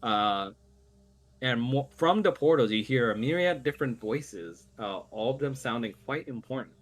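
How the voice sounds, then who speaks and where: A man narrating as game master on an online call, with a halting delivery full of fillers. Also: mid-range voice, animated.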